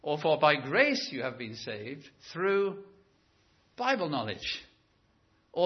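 A man preaching a sermon in a church, animated and stretching key words for emphasis. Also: a little high, slow, pauses often, lo-fi sound.

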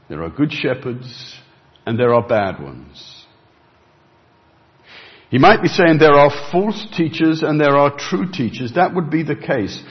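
Earnest male preacher, muffled sound. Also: mid-range voice. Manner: earnest expository preaching, rising for emphasis. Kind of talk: sermon.

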